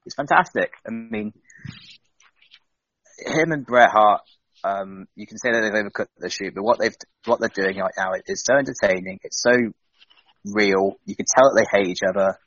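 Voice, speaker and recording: A man's voice: fairly low pitch, normal speed, a bit bright, dry recording. A man co-hosting a casual podcast chat, talking with enthusiasm that builds as he goes, on a dull lo-fi recording. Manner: enthusiastic, building energy, laughs easily. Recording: dull lo-fi dry sound.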